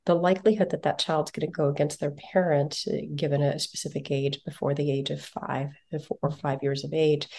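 A woman in her forties tells parenting stories in a relaxed podcast conversation, her voice low and gravelly. She talks with energy and slips into the voices of the people she quotes. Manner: animated storyteller, acts out quotes. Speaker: parenting guest.

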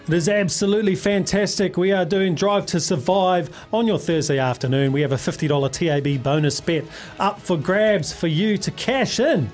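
A man's voice: high voice, moderate pace, hardly any pauses, darkish tone, soft background music. A man hosting a radio sports quiz, chummy and upbeat, calling callers mate. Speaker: radio sports show host.

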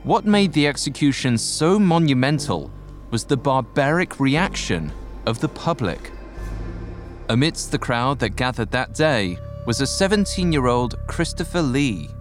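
A man's voice: medium pitch, moderate pace, faint music behind. A man serving as guest host, delivering a scripted history narration. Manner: animated, expressive storytelling.

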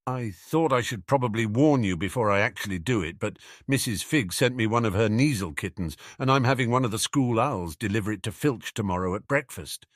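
A man's voice: on the low side, animated, fairly quick, few pauses, dry recording, studio quality. A man voicing a sarcastic, cheeky teenage boy wizard in a storybook reading, teasing and mock-dramatic. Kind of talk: audiobook character reading.

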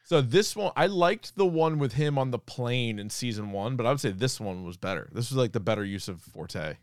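A man's voice: medium pitch, animated, fairly quick, dry recording, clean studio sound. A man co-hosting a casual podcast chat, retelling comedy sketches, laughing often and acting out quoted lines in a raised voice. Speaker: podcast co-host.

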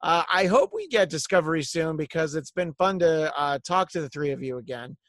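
A man's voice: fairly high pitch, animated, brisk, fairly bright tone, dry recording, studio quality. A man hosting a podcast, wrapping up a casual chat and rambling with many ums and uhs. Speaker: podcast host.

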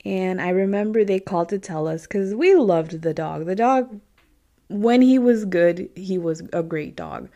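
A woman's voice: medium pitch, a little slow, mellow. A woman hosting a podcast, reading listener stories in a casual, chatty way, often laughing and getting tearful. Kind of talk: casual chat.

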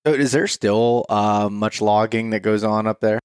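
Deep smooth-voiced male host. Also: steady tone, dry recording, studio quality. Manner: halting questions with many fillers. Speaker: podcast host. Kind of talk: casual interview.

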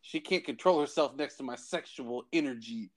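A man's voice: medium pitch, normal speed. A man playing in a tabletop game, talking in an offhand, teasing way during casual banter. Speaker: player.

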